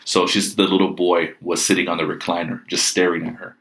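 Deep-voiced man telling a ghost story. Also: a little fast. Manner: animated, acts out quoted speech. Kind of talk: casual storytelling.

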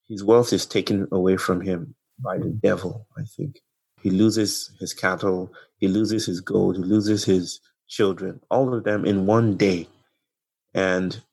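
A man speaking as a podcast guest, telling a story in slow, poetic, meditative phrasing. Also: low voice, husky. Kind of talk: reflective conversational storytelling.

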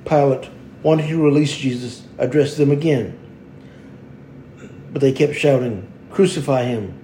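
A man reads a liturgical scripture passage aloud, stumbling now and then and restarting words. His voice is mellow and mid-pitched. The recording has a roomy echo and faint background noise. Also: fairly even intonation. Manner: halting reading with restarts. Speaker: worship leader. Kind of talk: liturgical reading and prayer. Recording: echoey room with faint noise.

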